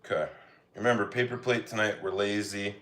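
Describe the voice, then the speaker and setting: A man's voice: fairly low pitch, fairly even intonation, brisk, fairly bright tone, slight background noise. A man from Colorado casually chatting with his livestream chat while he cooks, reading out and answering the comments. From Colorado, United States. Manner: chatty, reads chat comments aloud, easygoing. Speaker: livestream cooking host.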